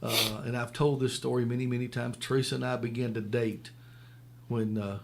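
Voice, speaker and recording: A man's voice: mid-range voice, flat delivery, normal speed, creaky, background noise. A man hosting a radio talk show, responding with affirmations and sharing memories. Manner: warm affirming listener, reminiscent. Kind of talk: casual radio chat.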